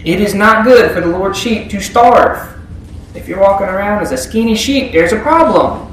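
A man's voice: high voice, expressive, moderate pace, fairly bright tone, distant mic, slight background noise. A man preaching a sermon in a conversational way, often asking the congregation questions. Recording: very echoey room.

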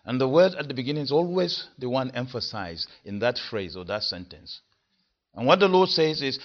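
A male preacher gives an expository sermon in a bright, forceful voice. He leans hard on key words and then sinks quiet. The recording sounds dull and lo-fi. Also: big pitch swings, a little fast. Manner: emphatic, rising to forceful stresses then dropping low.

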